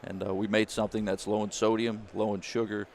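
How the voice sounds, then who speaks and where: A man, a former caddie turned business founder, telling a lively story in an interview and acting out the people he quotes. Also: lowish voice, a little fast, creaky, a little hiss or hum. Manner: animated storyteller, acts out quoted voices.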